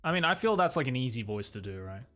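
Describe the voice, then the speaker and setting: A man's voice: mid-range voice, very animated, fast, a bit bright, soft background music. Chatty male streamer with laughs. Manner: chatty, laughs often, lots of fillers. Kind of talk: casual chat.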